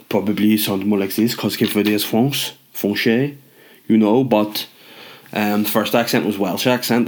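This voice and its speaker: A man delivering a rambling comic rant, sweary and sardonic with mumbled asides. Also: lowish voice. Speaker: comedic monologue host.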